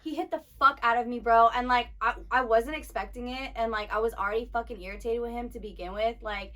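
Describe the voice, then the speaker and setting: A woman in her twenties tells blunt, profane stories in loose podcast chat. She fills her sentences with "like", and her voice sits a little high. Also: fairly even intonation, fast, pushed and bright. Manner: blunt, profane storytelling, heavy filler "like". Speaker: podcast co-host. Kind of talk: casual chat.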